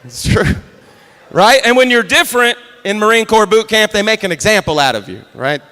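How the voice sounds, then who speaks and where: Male comedian on stage, high, bright, clear voice, animated storyteller. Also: normal speed. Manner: animated storytelling, acts out drill instructor. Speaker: stand-up comedian. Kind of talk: stand-up set. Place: comedy stage before a live audience.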